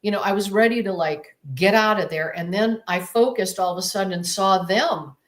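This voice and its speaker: A woman's voice: medium pitch, normal speed. A woman guest on an interview podcast, recounting a personal experience as a vivid storyteller who repeats words for emphasis and acts out what she said. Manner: vivid storyteller who acts out her own past exclamations.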